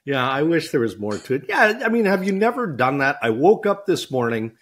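A man co-hosting a relaxed podcast, chatting and joking with his partner. His pitch swoops up and down with lots of life. He laughs easily and slips into ad reads between the banter. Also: a little fast. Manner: animated, laughing, reads ad copy. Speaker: podcast co-host. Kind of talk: casual chat.

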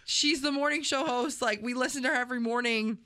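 Speaking fast and high-pitched, this woman co-hosts a morning radio program from the studio, captured on a studio mic. In chatty banter she spins an animated story, performing the quotes in the voices of its characters.

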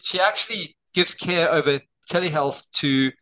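Bright-voiced Australian man telling stories. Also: fairly high pitch, normal speed, rough recording. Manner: lively anecdotes, acting out quoted dialogue. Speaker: guest, doctor and author. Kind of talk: interview storytelling. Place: home. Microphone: video call on borrowed telehealth equipment.

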